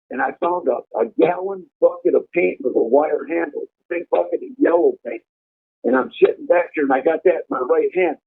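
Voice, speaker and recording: A man's voice: fairly high pitch, gravelly, husky. A man telling a prison story in a blunt, vivid way, swearing freely as he goes. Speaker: storyteller recounting prison life. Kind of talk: casual profane storytelling. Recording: tinny phone-like line.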